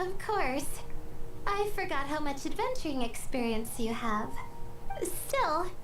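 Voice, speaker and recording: A shy, sleepy young scholar in a video game, speaking very high and slow with a lively rise and fall. She hesitates and stumbles over her words when flustered. Clear background music plays under her lines. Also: far from the mic, full character voice. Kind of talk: game character dialogue.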